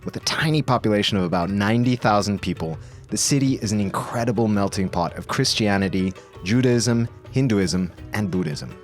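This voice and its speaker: A man's voice: fairly low pitch, fairly quick, hardly any pauses, faint music behind. A man co-hosting a podcast, reading scripted narration in a playful, upbeat way. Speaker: podcast co-host.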